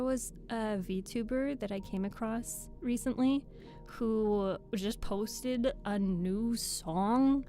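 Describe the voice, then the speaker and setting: A woman's voice: a little high, takes it slowly, mellow, soft background music. A young woman chatting and joking casually with her live-stream viewers at the microphone. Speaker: streamer and audiobook reader.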